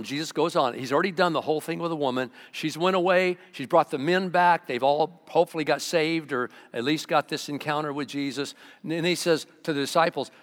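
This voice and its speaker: A pastor preaching a sermon in an animated way, swinging from loud excited bursts to low quiet asides. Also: male voice. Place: church sanctuary. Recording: long reverb of a large church hall.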